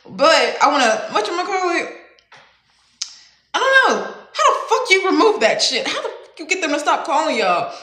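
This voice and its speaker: A woman's voice: very high-pitched, big pitch swings, normal speed, bright, forceful tone, reverberant. A young woman chatting on a livestream, rambling and swearing, with frequent laughs. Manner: rambling, profane, slangy, laughs often. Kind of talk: casual livestream chat.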